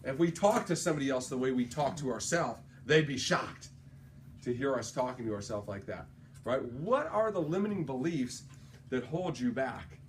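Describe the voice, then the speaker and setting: A man's voice: medium pitch, normal speed, slight background noise. A man giving a motivational sales training talk, telling stories with energy and tagging his points with "right?". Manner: energetic storyteller, tags lines with "right?".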